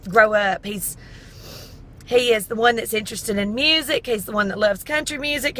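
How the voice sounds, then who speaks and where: A woman's voice: mid-range voice, fairly bright tone, slight background noise, low-quality recording. A middle-aged woman, chatting in a folksy, heartfelt way. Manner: folksy and heartfelt, tearful at times. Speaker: vlogger. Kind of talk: casual chat.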